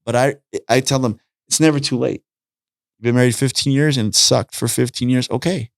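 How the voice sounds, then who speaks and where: A man's voice: mid-range voice, a little fast, gravelly, dry recording, clean studio sound. A middle-aged man chatting as a podcast guest, telling stories with lots of energy and acting out the dialogue. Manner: animated storytelling, acts out dialogue. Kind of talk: casual chat.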